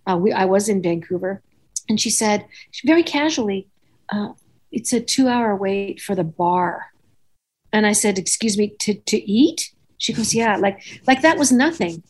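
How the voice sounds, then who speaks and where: A woman's voice: medium pitch, animated, normal speed. A woman hosting a podcast, telling rambling anecdotes in casual chat and acting out the dialogue. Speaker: podcast host.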